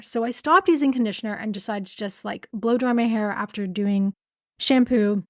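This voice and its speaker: A woman's voice: on the high side, darkish tone, no echo, studio quality. A young adult woman hosting a podcast, telling a personal story in a chatty way with many "like" fillers. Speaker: podcast host. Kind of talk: casual storytelling monologue.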